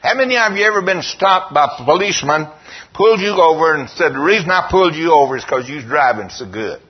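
A man preaching a sermon, telling stories and reading scripture slowly in a lowered voice. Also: animated, breathy edge. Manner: storytelling, quoting scripture in a slow, lowered voice. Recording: dull lo-fi recording.

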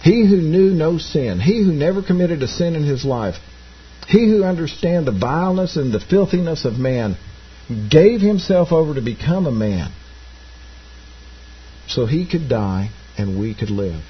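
A man's voice: fairly high pitch, sing-song, measured pace, highs cut off, slight background noise. A man preaching a sermon, reading scripture aloud and explaining it in plain asides to his congregation. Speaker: pastor.

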